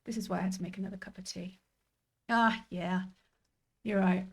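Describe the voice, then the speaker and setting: A woman's voice: mid-range voice, steady tone, normal speed, breathy edge. A woman streaming a game, chatting casually in a rambling, self-deprecating way. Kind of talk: casual gameplay commentary.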